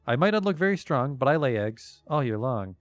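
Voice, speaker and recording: A man's voice: mid-range voice, sing-song, brisk, dry recording, soft background music, lightly acted. A man voicing a plaintive egg-laying young woman. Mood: sing-song. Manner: sing-song rhymes turning to bitter grief. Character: odd young woman who lays eggs, plaintive and bitter.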